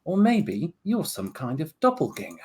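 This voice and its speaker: A man's voice: a little high, huge pitch swings, normal speed, a little hiss or hum, pitched above the performer's own voice. A man voicing a suspicious male rabbitfolk doppelganger in a tabletop game. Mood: defensive.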